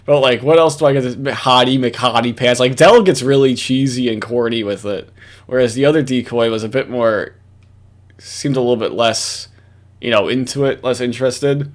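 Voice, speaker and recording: A man's voice: mid-range voice, normal speed. A man giving casual, rambling reaction commentary at his computer, swearing often and breaking into laughs.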